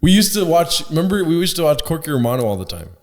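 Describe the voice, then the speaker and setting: A man's voice: a little high, big pitch swings, fast. A young man hosting a casual podcast interview with his mother, joking and swearing casually. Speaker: podcast host, son of the guest. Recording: reverberant room.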